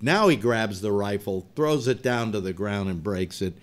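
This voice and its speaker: A man hosting a live talk show, telling a long joke in a rambling, animated way with restarts. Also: fairly low pitch, normal speed. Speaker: host.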